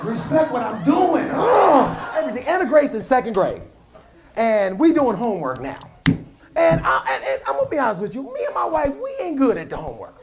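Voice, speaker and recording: A man doing a stand-up set, telling family stories with animated delivery and acting out quarrels. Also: very high-pitched, fairly quick, background noise. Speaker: stand-up comedian. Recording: live club set with audience laughter.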